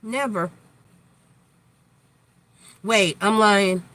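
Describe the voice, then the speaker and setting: A woman's voice: medium pitch, extremely slow, a bit bright. A woman hosting a casual live tarot chat, blunt and chatty with free swearing, tired and yawning from lack of sleep. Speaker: tarot reader, live stream host.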